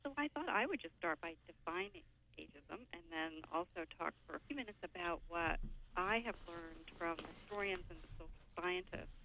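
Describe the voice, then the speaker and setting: An older woman appearing as a guest on a radio show explains things at length in a thoughtful, lecturing manner. Her voice is fairly low and sharp in tone, at normal speed. She's on a lo-fi phone line with slight background noise.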